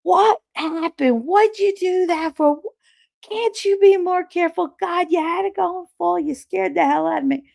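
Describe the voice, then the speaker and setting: A woman imitating her older mother as a shrill, nagging, blaming voice while retelling a story. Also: normal speed, gravelly, darkish tone, exaggerated voice. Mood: scolding.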